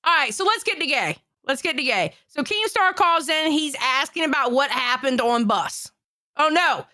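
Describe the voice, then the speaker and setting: A woman's voice: high voice, expressive, moderate pace, sharp tone, no room sound, studio quality. A woman co-hosting a live stream, chatting bluntly about online drama and swearing freely as she makes her points. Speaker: stream co-host. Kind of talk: casual drama-commentary chat.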